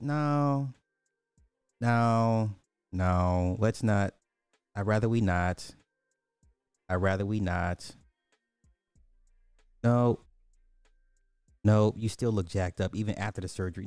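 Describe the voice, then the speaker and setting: A man's voice: lowish voice, a little mellow, clean tone, no echo, studio quality. A man giving casual commentary, ranting crudely and repeating himself in disbelief. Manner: crude, repetitive, incredulous ranting. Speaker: online commentator.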